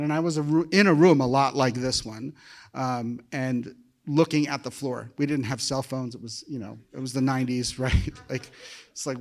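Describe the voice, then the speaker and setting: A man, telling his conversion story in a sermon, emotional and conversational. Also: medium pitch. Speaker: guest preacher. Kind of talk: personal testimony sermon.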